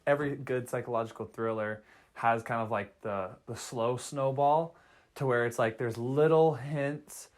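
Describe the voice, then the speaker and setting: A man's voice: mid-range voice, moderate pace. A man co-hosting a movie podcast, talking in a rambling, casual way with lots of fillers and mild euphemisms. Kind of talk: casual movie review chat.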